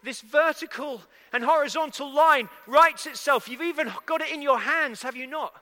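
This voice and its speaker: High, bright-voiced preacher. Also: male voice, normal speed. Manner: conversational, asks the congregation questions. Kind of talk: sermon. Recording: echoey hall with long reverb.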